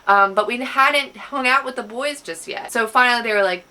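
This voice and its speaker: A woman's voice: fairly high pitch, moderate pace. A young woman in her twenties telling a festival story in a casual storytime vlog, swearing freely and acting out what her friends said. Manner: animated, profane, acts out quotes. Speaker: vlogger.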